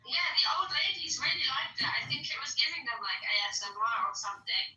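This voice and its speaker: A woman's voice: sits high, expressive, fast talker, bright, forceful tone, far from the mic, slight background noise. A woman chatting casually on a livestream in a rambling, chatty way. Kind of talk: casual chat. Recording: echoey room, off-mic.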